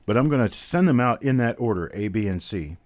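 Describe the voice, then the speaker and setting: A man's voice: medium pitch, animated, brisk, darkish tone, slight background noise. A man hosting a live-stream coin auction, chatty, calling out bidders and prices one after another. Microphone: webcam on a stand.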